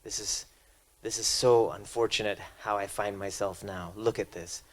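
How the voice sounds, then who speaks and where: A man voicing a bitter, complaining older male patient stuck in a hospital bed, speaking low and grim. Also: fairly even intonation, normal speed, natural voice.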